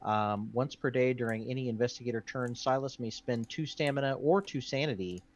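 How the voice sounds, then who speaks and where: A man's voice: medium pitch, fairly quick. Chatty man explaining game rules. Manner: chatty, with many fillers. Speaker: board game show host.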